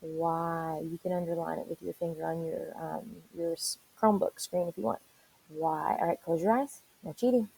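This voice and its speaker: A woman teacher leading an online reading lesson for young children, spelling words out slowly and encouraging them. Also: lowish voice, steady tone, creaky, dark tone, a little hiss or hum, rough recording. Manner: encouraging, slow and deliberate spelling aloud.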